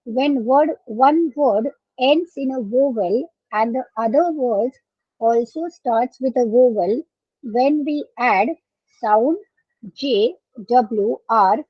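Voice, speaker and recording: A woman's voice: on the high side, slow, husky, no room sound, lo-fi sound. A woman instructor leading a live online exam-prep class, explaining step by step and often checking in with "okay". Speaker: English test instructor.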